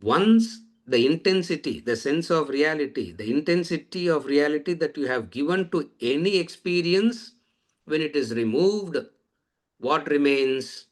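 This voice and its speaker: A man's voice: fairly high pitch, expressive, measured pace. Man lecturing, repeating and questioning. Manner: repeats phrases, asks rhetorical questions. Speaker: Vedanta teacher. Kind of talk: lecture on scripture.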